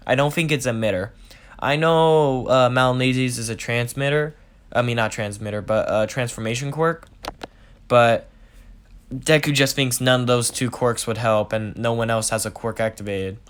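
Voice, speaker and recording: A man's voice: medium pitch, normal speed, a bit bright, clean tone. A young man casually retelling a fan story, rambling with lots of "like" and "basically". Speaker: channel storyteller.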